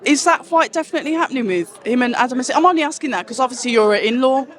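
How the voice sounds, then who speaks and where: A man's voice: very high voice, expressive, fairly bright tone. A man hosting a casual interview and trading teasing banter with his guest. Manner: teasing, quick back-and-forth banter. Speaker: host.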